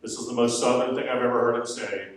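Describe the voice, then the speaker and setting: Talking fast in a steady, mid-range voice, a male comic from Florida works the stage with wry, self-deprecating, conversational humor. Audience laughter rings out, and the club is captured echoey and from a distance.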